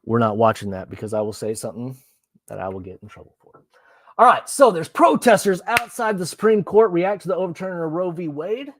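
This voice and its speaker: A man's voice: a little high, sing-song, brisk, fairly bright tone, dry recording. A man ranting bluntly and profanely while reacting to the news in casual commentary. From Texas. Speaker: political commentary host.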